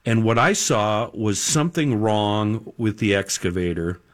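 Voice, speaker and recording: A man's voice: lowish voice, unhurried. A man in a casual chat, talking in an easygoing, plainspoken way and asking questions.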